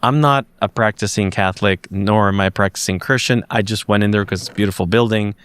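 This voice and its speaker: A man's voice: on the low side, quick pace, smooth. A man, a podcast guest, telling a personal story casually and acting out the dialogue as he goes. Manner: animated storyteller who acts out the dialogue. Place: lives in Montreal.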